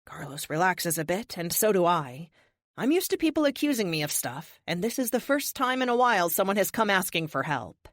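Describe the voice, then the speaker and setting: A woman's voice: fairly low pitch, sing-song, brisk, dry recording, studio quality. A woman narrating a first-person audiobook in a wry, spirited voice.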